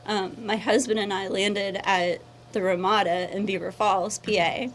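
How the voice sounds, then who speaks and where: A woman's voice: mid-range voice, fairly even intonation, unhurried, slight background noise. A woman, a local resident and small business owner, recounting her experience in a recorded interview with heartfelt emotion. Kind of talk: recorded personal testimony.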